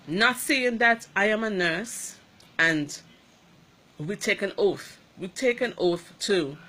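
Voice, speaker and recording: A woman nurse with an Antiguan accent giving an emotional personal account, emphatic and animated, acting out the dialogue. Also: fairly low pitch, husky.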